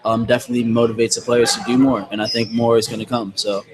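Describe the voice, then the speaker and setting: A young man, a soccer player guest, answering in a measured, earnest way. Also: mid-range voice, flat delivery, a crowd in the background, low-quality recording. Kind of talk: casual interview.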